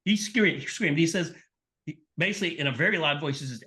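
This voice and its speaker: A man's voice: a little high, fast talker. A middle-aged man, a sports nutrition scientist, telling stories as a podcast guest and acting out the people he quotes. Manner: animated storyteller, acts out quoted people. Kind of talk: casual interview storytelling.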